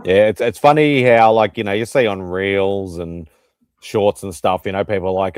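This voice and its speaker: Australian male panelist, lowish voice, laid-back and slangy, dry home mic. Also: moderate pace, dry recording. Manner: relaxed, chatty, uses slang. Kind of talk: casual chat.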